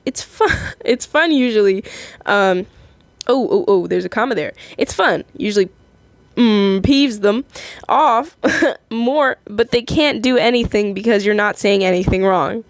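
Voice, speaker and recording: A woman's voice: a little high, animated, a little slow, no echo. A young adult woman casually reading online comments aloud and reacting to them, giggly and chatty, often stumbling and restarting her sentences.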